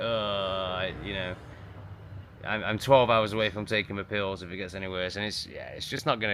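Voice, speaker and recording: Sweary english bloke ranting to camera. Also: male voice, lowish voice, a little hiss or hum. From England. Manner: sweary, ranting, swinging between loud bursts and muttering. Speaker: vlogger. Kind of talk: casual vlog monologue. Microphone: handheld camera on a gimbal.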